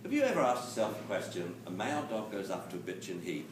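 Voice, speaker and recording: Male lecturer, animated and jokey, pitch swinging widely, caught on a far-off mic in a roomy hall. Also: fast talker. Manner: animated, jokey, acts out quotes. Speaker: dog training lecturer. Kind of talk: lively live lecture to an audience. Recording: roomy, distant camera mic with hiss.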